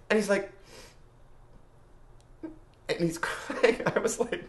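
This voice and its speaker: A man's voice: sits high, normal speed, pauses often. A man telling a candid personal story in an interview, chatty and loose, laughing often and swearing freely.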